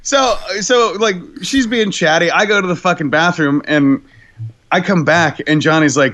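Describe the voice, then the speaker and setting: A man's voice: fairly high pitch, normal speed, fairly bright tone. A man co-hosting a podcast, telling a story in casual chat, swearing freely and laughing as he goes. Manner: rambling storyteller, swears a lot, laughs often. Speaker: co-host.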